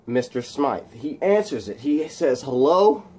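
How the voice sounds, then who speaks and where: Slow, halting man retelling a movie. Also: medium pitch, dark tone. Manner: halting, repeats and restarts words. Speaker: narrator retelling a film. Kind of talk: casual scene-by-scene retelling.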